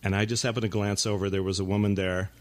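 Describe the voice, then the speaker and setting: A man's voice: fairly low pitch, little pitch movement, fast talker, a little hiss or hum. A man co-hosting a casual podcast, telling a story with a dry delivery. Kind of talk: casual chat.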